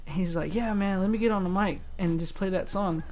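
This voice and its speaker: A man hosting a casual interview, telling stories with animated, acted-out quotes and plenty of slang. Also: sits high, brisk, soft background music. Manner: animated storyteller who acts out quoted dialogue. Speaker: interview host.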